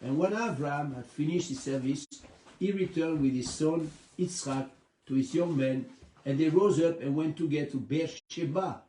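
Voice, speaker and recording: A man's voice: fairly high pitch, mellow. Man reading scripture in an echoey room. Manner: reads scripture slowly with pauses and restarts. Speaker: Bible teacher. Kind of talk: Torah study reading and teaching. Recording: echoey room, distant mic.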